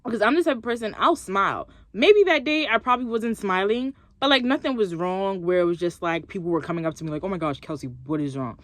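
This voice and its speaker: A woman's voice: mid-range voice, animated, fast talker, hardly any pauses, fairly bright tone, dry recording. A young woman vlogging, chatting expressively as she tells a story and acts out what others said. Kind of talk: casual storytelling to camera.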